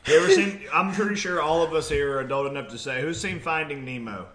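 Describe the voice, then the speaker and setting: A man in his thirties trades blunt wisecracks as a podcast co-host, his voice pitched high and sharp. The recording carries a roomy echo around him. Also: fast talker, slight background noise. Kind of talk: casual chat.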